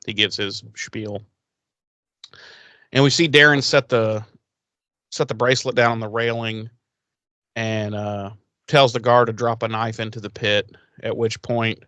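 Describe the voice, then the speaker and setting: A man's voice: medium pitch, a bit bright, no echo. Swearing man recapping a show. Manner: rambling recap, acts out quotes, swears casually. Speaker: podcast co-host recapping episode. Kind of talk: casual chat.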